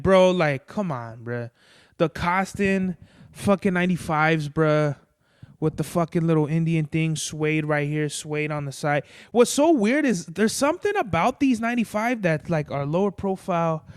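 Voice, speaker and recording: Profane laid-back young man, crisp dry voice. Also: on the high side, no echo. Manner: laid-back, profane, rambling with many fillers. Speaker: podcast host. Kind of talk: casual sneaker unboxing chat.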